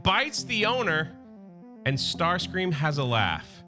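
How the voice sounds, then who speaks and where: Animated man recapping a comic. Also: on the high side, slow pace, faint music behind. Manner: animated, chatty, talks straight to fans. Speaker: comic book reviewer. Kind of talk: casual comic book recap.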